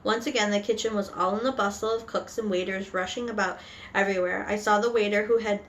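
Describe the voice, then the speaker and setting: A woman reading a children's book aloud with animated storytelling and occasional slips. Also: mid-range voice, fast, slight background noise. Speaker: reader.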